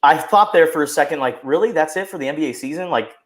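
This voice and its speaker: A man's voice: on the high side, quick pace. A man joining a podcast by video call, talking in an exuberant, boisterous way about his team. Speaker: guest. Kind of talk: casual sports chat.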